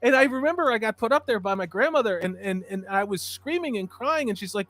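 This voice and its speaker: A man in his fifties chatting casually as a stream host, an animated storyteller who swings between loud and soft. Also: high-pitched, fairly quick, hardly any pauses, dry recording. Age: 50s. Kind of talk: casual chat.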